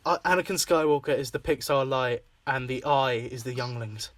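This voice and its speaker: A man's voice: mid-range voice, normal speed, a bit bright. A young Scottish man hosting a casual chat, rambling with fillers, swearing and laughing often. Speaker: podcast host and filmmaker.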